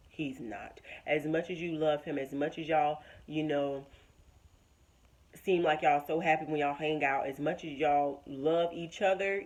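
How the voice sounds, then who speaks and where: A young woman talks earnestly to her viewers. She speaks in a heartfelt, encouraging way, as in a personal vlog. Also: deep voice. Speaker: vlogger.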